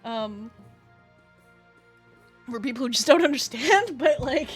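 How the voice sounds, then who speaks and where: Woman streamer, high bright voice, giggly and chatty, faint music underneath. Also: lively intonation, takes it slowly, pauses often. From Canada. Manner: giggly, chatty, swears casually. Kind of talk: casual gaming stream chat.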